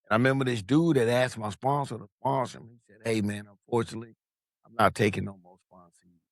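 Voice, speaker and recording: Animated man telling his story, dry sound. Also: medium pitch, fast, no room sound. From Long Beach, California. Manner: animated, profane, acts out quoted voices. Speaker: podcast guest. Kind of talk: casual storytelling.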